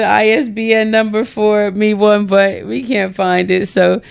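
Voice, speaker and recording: A woman's voice: mid-range voice, slow, creaky, clear, resonant tone. A woman hosting a radio book club hour, chatting casually, laughing often and acting out little voices.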